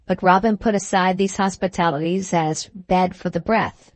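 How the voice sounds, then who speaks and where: A woman narrating an adventure novel audiobook in a steady, measured reading. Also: on the low side, no echo.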